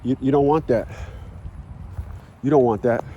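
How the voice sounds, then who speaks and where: A man's voice: measured pace, lo-fi sound, slight background noise. A man vlogging outdoors while walking his dogs, lecturing in a casual, repetitive, emphatic way. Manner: rising to high shouting pitch when worked up. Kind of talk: casual preachy monologue.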